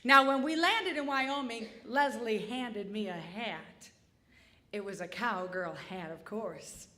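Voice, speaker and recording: A woman's voice: mid-range voice, slow pace, bright, forceful tone. A woman in her forties from Michigan telling a comic, self-deprecating story live on stage, in a chatty way.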